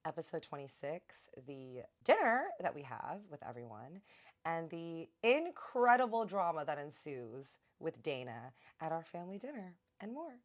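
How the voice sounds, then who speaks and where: A woman's voice: low-pitched, big pitch swings, unhurried. A woman casually telling a personal story to her viewers, retelling the conversation line by line with "I was like" and "he's like". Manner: chatty, addresses viewers directly. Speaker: storytime host.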